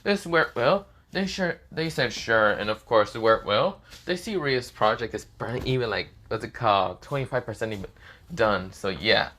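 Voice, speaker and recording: A man's voice: mid-range voice, animated, normal speed, a bit bright. A man narrating a fan story off the cuff, rambling with many fillers and restarts. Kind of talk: improvised casual story narration.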